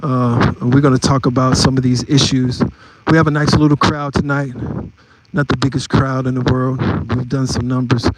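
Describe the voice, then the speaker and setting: A man's voice: mid-range voice, level tone, moderate pace, no room sound, rough recording. A man chatting loosely to viewers of his livestream as he walks outdoors in the city, rambling from one thing to the next. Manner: rambling, talks to viewers while walking. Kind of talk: casual livestream chat.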